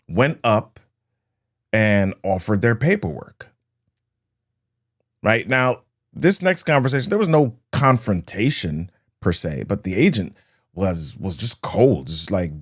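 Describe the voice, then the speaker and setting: A man hosting a motivational leadership talk who tells stories and acts out the scenes with sound words. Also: on the low side. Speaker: host of a leadership talk show.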